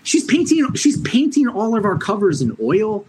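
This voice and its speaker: A man from Orange County, New York, a comic writer chatting casually, animated, laughing often and swearing freely. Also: high-pitched, moderate pace, slight background noise, low-quality recording. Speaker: comic book writer guest. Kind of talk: casual podcast conversation.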